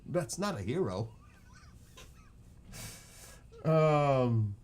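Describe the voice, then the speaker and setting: A man's voice: mid-range voice, animated, drawn-out words, a little mellow, slight background noise. A man with a New York accent, chatting casually on his live stream, rambling and joking.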